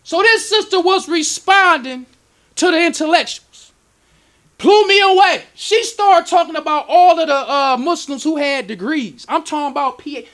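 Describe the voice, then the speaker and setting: A man, a minister, preaching a lecture at a temple in an excitable, emotional way, breaking into sudden shouts. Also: extremely high pitch, normal speed.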